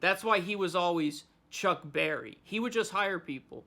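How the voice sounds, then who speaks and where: A man's voice: high voice, normal speed, pushed and bright. A man hosting a podcast, ranting in loose, profane casual chat. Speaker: podcast host.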